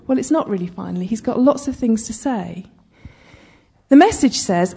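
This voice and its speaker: A woman leads a Bible study in a relaxed, chatty way, checking in with her listeners and slipping in light asides. Her voice sits a little high but sounds mellow, with a soft husky edge. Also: moderate pace. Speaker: Bible teacher. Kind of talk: conversational Bible teaching.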